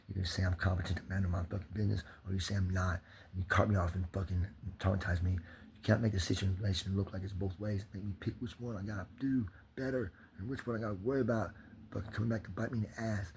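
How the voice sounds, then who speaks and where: A man's voice: deep voice, fairly even intonation, fast, gravelly, darkish tone, slight background noise. A man ranting in an agitated, profane and rambling way, speaking straight to the camera as a vlogger. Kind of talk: angry personal rant.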